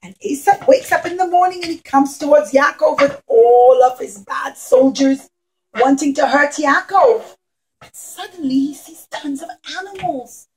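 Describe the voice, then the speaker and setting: A woman telling a puppet show story to young children, animated and talking straight to them. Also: high-pitched, poor audio.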